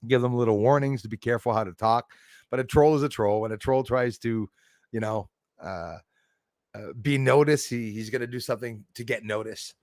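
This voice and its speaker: A man's voice: medium pitch, brisk, a little mellow, no room sound. A man hosting a live stream from a forest, talking casually to his chat in a blunt, profane, rambling way and laughing off critics. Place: outdoors in a forest.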